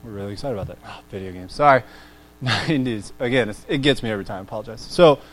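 A man's voice: fairly low pitch, fast talker, fairly bright tone. A man around thirty giving a casual, chatty sermon to a youth group, easily sidetracked and self-deprecating, often asking the room questions. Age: 30s.

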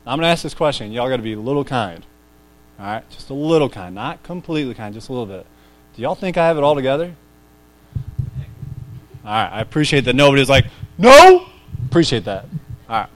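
A man's voice: fairly high pitch, fairly bright tone. Chatty young man giving a casual sermon. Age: 30s. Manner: chatty, self-deprecating, easily sidetracked; asks the room questions. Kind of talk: casual sermon to a youth group.

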